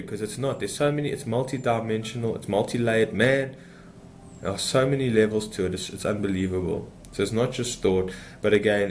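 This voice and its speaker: A man's voice: fairly low pitch, slight background noise. A man giving an unscripted spiritual talk as a meditation teacher, speaking passionately and emphatically in a rambling way.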